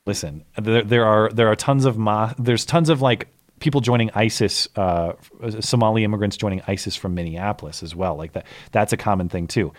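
A man's voice: on the low side, a little fast. A man co-hosting a live-stream talk show, speaking casually with hesitations and restarts. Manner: hesitant, restarts, qualifies his points. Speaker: podcast co-host.

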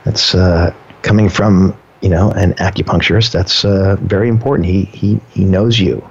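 Man, husky and lowish, earnest storyteller, dull lo-fi sound. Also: steady tone. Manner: earnest, measured storyteller with fillers. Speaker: partner in a couple being interviewed. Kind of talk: casual conversation.

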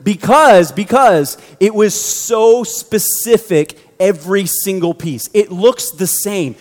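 A man's voice: high voice, expressive, a little slow, a little mellow. A man preaching a sermon to a youth group, conversational and joking as he tells a story. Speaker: youth pastor. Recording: long hall reverb.

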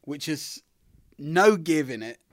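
A man's voice: on the high side, animated, slow, dry recording. Chatty British man telling stories. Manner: chatty, laughs often. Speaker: guest, former wrestler. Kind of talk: casual storytelling.

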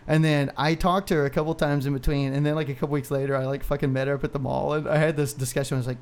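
Male podcast co-host, thirties, slightly high voice, loose profane storytelling, laughs a lot. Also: steady tone, fast, darkish tone. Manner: profane, rambling, laughs often. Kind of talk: casual storytelling.

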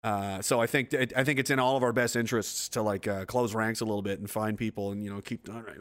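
A man's voice: lowish voice, steady tone, quick pace, few pauses. A man hosting a casual livestream, reading chat, rambling and profane and laughing often.

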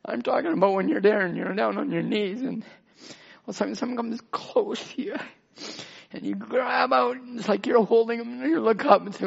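A man's voice: very high voice, moderate pace, gravelly, a bit bright, slightly rough, highs cut off. A man preaching an emotional, rambling sermon as pastor in a church, pleading and often near tears. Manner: tearful, pleading, rambling with restarts.

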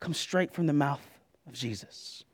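A man preaching a sermon in an animated, colloquial way, with repeated words and asides to the congregation. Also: fairly high pitch, measured pace, breathy edge.

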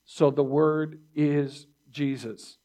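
A man preaching a sermon, teaching slowly and deliberately, repeating key phrases and clearing his throat between points. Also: a little high, fairly even intonation, warm tone. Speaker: pastor.

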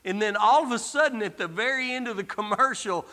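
Male guest preacher, bright ringing tone, rallies the congregation, long church reverb. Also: high voice, brisk. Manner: exhorting, calls out to the congregation. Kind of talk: sermon. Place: church sanctuary.

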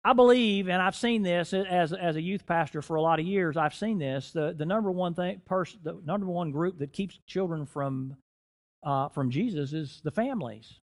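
A guest preacher, a middle-aged man with a voice on the high side, delivers a sermon in a church. His loudness rises and falls, and he slows down to stress key phrases.

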